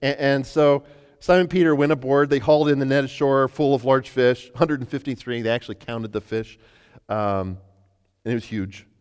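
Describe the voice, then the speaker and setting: Stammering preacher in a reverberant hall. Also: male voice, medium pitch, normal speed, clear, resonant tone. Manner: animated storytelling with frequent stammered restarts. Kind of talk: sermon.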